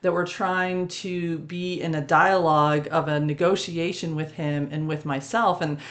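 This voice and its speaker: A woman's voice: low-pitched, fairly even intonation, a little slow, fairly bright tone. A woman hosting a reflective spiritual podcast, telling a personal story and laughing often between phrases. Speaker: podcast host.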